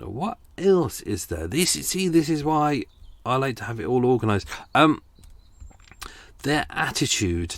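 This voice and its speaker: A middle-aged British podcast host talks in a fairly low voice, with no room sound behind him. His casual, unscripted commentary is wry and skeptical and full of ums.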